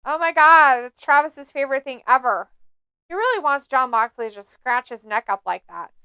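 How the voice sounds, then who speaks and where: A woman's voice: sits high, expressive, moderate pace, pushed and bright, smooth, no room sound. A woman casually commenting on a wrestling match during a live stream, joking and mocking the wrestlers. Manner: snarky, jokey, mocking the wrestlers. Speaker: watch-along host.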